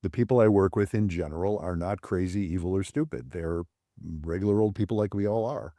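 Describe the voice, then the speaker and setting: Male psychologist guest, mellow and low, measured delivery, dry close sound. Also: no room sound. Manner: thoughtful, measured, gently laughing. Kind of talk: conversational interview.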